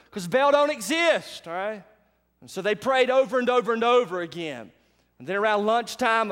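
A male pastor, preaching in an animated storytelling way and asking the congregation questions as he goes. His voice sits high for a man. The sound carries a long reverb from a large church hall. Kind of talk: sermon.

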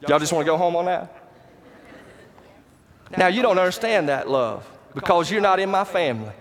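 A man preaching a sermon as pastor, emphatic and rising to shouts on key words, and calling out to the congregation for responses. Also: sits high, expressive, normal speed. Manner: talks to the congregation directly, asks for responses. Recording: long reverb of a large hall.

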